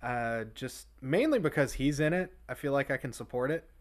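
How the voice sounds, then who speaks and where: A man's voice: medium pitch, animated, normal speed. Rambling man with lots of fillers. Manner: rambling, many fillers and restarts. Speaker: podcast host. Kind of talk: casual chat.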